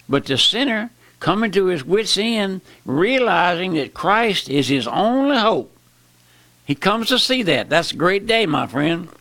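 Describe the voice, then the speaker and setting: A man preaching a sermon with impassioned pitch jumps, slowing down for emphasis and calling out "my friend" often. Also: sing-song, pushed and bright, no echo.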